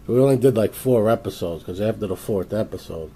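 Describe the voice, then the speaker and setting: A man's voice: on the low side, brisk, warm tone, slightly rough. A man hosting his own video channel, telling a story in a casual, exasperated rant full of restarts. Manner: exasperated, ranting, lots of restarts. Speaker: YouTube host.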